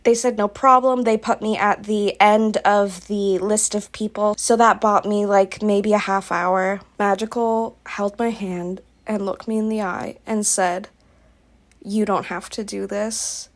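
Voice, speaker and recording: A woman's voice: medium pitch, fairly even intonation, a little slow, hardly any pauses. A woman vlogger narrating a personal story in a candid, emotional way, often saying "like". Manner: candid, emotional, frequent "like" fillers.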